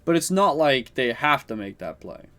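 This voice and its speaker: A relaxed male streamer talks through his game in a chatty, easygoing way, with the odd curse word. His voice sits at a middling pitch. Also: normal speed, dry recording. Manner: laid-back and chatty, swears casually. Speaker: streamer playing a strategy board game. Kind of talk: casual live-stream commentary.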